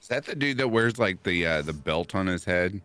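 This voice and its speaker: Super deep-voiced guy on a chat stream, big swoopy delivery, groany and fed up in a jokey way. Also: lively intonation, normal speed, fairly bright tone, faint music behind. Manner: exasperated, groaning, self-mocking. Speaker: stream guest. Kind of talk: casual chat.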